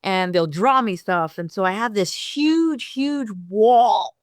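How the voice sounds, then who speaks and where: Podcast cohost lady, lively storyteller, keeps restarting, dry mic. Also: mid-range voice, slow pace, no echo. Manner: animated storyteller, frequent restarts. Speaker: podcast co-host. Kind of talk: casual conversation.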